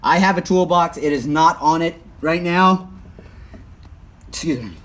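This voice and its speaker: A man's voice: on the high side, a little slow, fairly bright tone. Chatty young man streaming outdoors. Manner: chatty, talks while working, often mutters. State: hot and sweating. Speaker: livestreaming YouTuber. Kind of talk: casual how-to livestream. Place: outdoors, working on a truck. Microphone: phone. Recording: faint outdoor noise.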